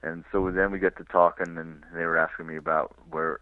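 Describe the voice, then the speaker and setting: Deep-voiced man telling stories over phone. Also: brisk, no echo. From California. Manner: relaxed rambling storyteller with restarts and small laughs. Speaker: touring cyclist guest. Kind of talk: storytelling on a radio interview. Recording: tinny dry phone line.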